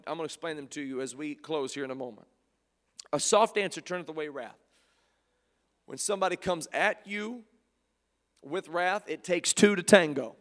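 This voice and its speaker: A male preacher delivering a sermon, swinging between loud fervor and hushed softness and repeating phrases. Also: on the high side. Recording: long hall reverb.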